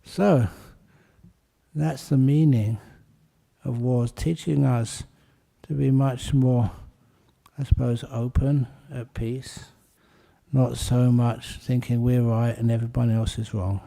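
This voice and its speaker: Slow gravelly guy giving a buddhist talk, easygoing and jokey. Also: medium pitch, steady tone. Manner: gentle, humorous storytelling. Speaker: Buddhist teacher. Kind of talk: dharma talk.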